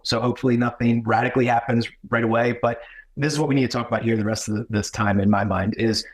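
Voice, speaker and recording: A man talking as a podcast guest, earnest and halting, often restarting his sentences. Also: mid-range voice. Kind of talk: conversational podcast talk.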